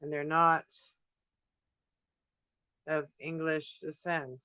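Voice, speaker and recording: A man with a fairly high, bright and smooth voice talks loosely while painting, wandering from one thought to the next. The sound is dry and close. It has a dull, lo-fi stream quality. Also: flat delivery, very slow, dry recording. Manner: thinks aloud, drifting from topic to topic with fillers. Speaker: livestream host painting on camera. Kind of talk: casual rambling chat while painting. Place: indoors at home.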